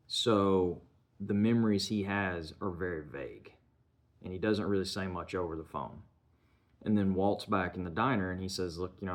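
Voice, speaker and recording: A man with a very low voice walks through a movie's story as a casual reviewer. He talks loosely, leaning on "you know" and "kinda" as he goes. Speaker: film reviewer. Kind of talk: casual film plot recap.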